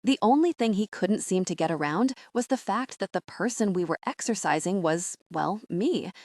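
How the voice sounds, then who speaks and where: A woman's voice: mid-range voice, lively intonation, moderate pace, a little mellow, no echo, clean studio sound. A woman narrating an audiobook in first person, with a wry, sardonic storytelling manner.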